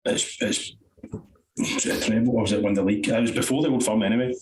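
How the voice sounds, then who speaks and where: A man's voice: fairly low pitch, steady tone, quick pace, a little mellow. Rambling Scottish man, echoey room. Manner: rambling, swears casually, restarts sentences. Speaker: podcast co-host. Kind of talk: casual chat about football. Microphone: headphones on a remote call. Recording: echoey room, faint noise.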